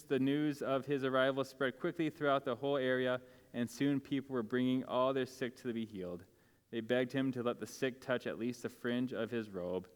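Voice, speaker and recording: A man's voice: medium pitch, smooth. A man preaching a sermon to a congregation in a casual, conversational way, with many fillers and restarts. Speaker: pastor. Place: church sanctuary. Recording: long hall reverb from a church sanctuary.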